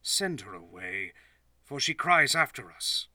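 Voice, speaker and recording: A man's voice: medium pitch, big pitch swings, measured pace, bright, forceful tone, no room sound, studio quality, far from the mic, heavily acted. A man voicing worried male followers. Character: group of male disciples, worried.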